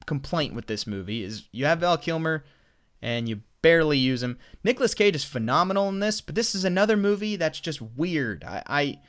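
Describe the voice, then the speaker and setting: A man's voice: a little high, animated, a little fast, a bit bright. A man from the American South co-hosting a podcast, chatting casually and rambling with lots of restarts as he gives his movie opinions. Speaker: podcast co-host. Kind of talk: casual movie review chat.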